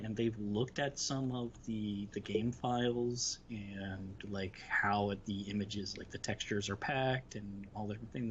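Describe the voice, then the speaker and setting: A man's voice: mid-range voice, fairly bright tone. A man hosting a live game stream, chatting casually and reminiscing, with lots of restarts. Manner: rambling, reminiscing, many restarts and fillers. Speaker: livestream host. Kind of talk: casual chat while gaming. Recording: slightly dull stream audio with faint hiss.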